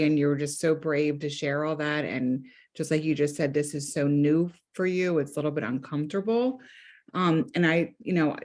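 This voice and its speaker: Her voice low-pitched and a little mellow, a counselor and therapist talks earnestly on a group video call. She leans on repetition, saying phrases again to drive her points home emphatically.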